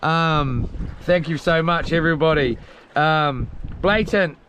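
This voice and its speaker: A man's voice: a little high, slow, fairly bright tone, a little hiss or hum. A young man with a New Zealand accent chatting casually on a live stream from a small boat at sea. He reads out viewer comments in a laid-back, slangy, rambling way with plenty of fillers. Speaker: livestreamer.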